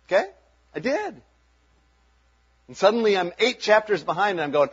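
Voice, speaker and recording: A man's voice: sits high, fairly quick, slightly rough, muffled recording. A man preaching a sermon as pastor, talking in an earnest, conversational way and chuckling between points.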